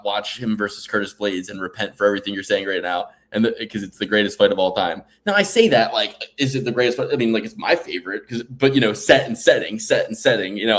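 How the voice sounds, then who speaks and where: Male podcast co-host, casual chat, animated and profane, quick to do mocking quotes. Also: fairly low pitch.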